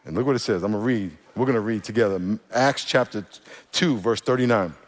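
A man's voice: lowish voice, brisk. A male pastor preaching a sermon with energy and humor, often getting the congregation to repeat words after him. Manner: energetic, joking, leads congregation call-and-response. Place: church auditorium. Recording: long reverb of a church hall.

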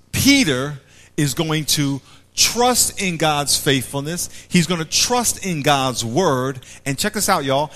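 A man preaching a sermon, animated, acting out voices and swinging between loud and hushed. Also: on the high side. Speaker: pastor. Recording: long hall reverb.

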